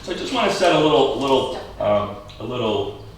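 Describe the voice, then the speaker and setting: A man's voice: medium pitch, sing-song, brisk, distant mic, slight background noise. Chatty man talking in an echoey room. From Maine. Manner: chatty, joking, asks the audience questions. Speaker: historical society host. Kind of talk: casual talk to a small audience. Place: schoolhouse room.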